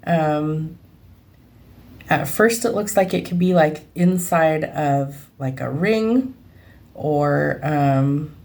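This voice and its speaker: Low-voiced woman giving a hesitant reading. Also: extremely slow, creaky, a little mellow. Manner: hesitant, thinking aloud with many ums. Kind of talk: unscripted spoken reading.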